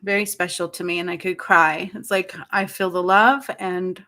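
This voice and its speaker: A woman in her forties hosting a spiritual healing livestream, talking softly and tenderly, tearful and apologetic. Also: fairly low pitch, level tone, measured pace. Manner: soft, tender and tearful, with frequent apologies and laughs. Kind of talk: emotional livestream talk.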